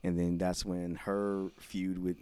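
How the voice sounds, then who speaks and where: A man's voice: low voice, flat delivery, slow pace, dark tone, smooth. A man co-hosting a podcast, recapping wrestling shows in casual chat and acting out quoted lines. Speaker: podcast co-host.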